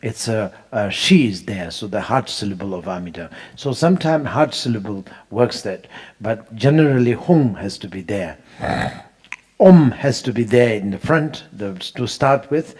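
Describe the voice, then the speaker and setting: A man, teaching how to pronounce mantras in an unhurried, laughing way, chanting them as he goes. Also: on the low side, expressive, a little mellow. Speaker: Buddhist teacher. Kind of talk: dharma teaching on mantra pronunciation.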